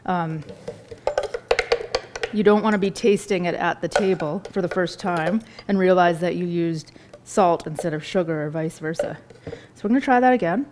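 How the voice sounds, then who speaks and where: A woman's voice: lowish voice, normal speed, background noise. A woman, a chef giving a live cooking demonstration in a store kitchen, chatty and enthusiastic as she tastes food while she talks.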